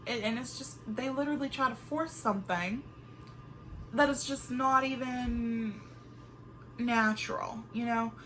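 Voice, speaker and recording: A woman chatting to camera in an animated way, reviewing a reality show and laughing often. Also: fairly high pitch, a little slow, a little hiss or hum. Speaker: vlogger reviewing TV shows. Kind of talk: casual chat to camera.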